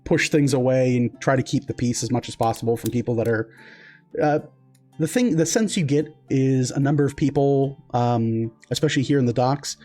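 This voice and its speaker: A man's voice: mid-range voice, dark tone. A man narrating as game master of a tabletop game, casual with lots of fillers and restarts.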